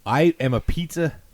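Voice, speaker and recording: A young man hosting a podcast, chatting casually and jokingly, rambling and trailing off into low mumbles. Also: no echo. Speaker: podcast host. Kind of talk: casual chat.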